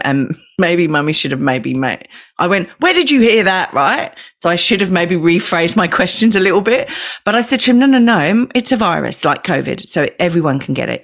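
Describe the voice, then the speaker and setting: A woman in her forties with an Australian accent, hosting a casual podcast chat and telling stories with animated swings of voice. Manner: animated, swoops high when quoting herself. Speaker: podcast host.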